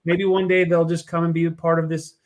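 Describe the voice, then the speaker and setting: A man's voice: on the high side, flat delivery. A man, co-hosting a podcast as a chef, easygoing and chuckling in casual chat. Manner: easygoing, chuckling, halting with fillers.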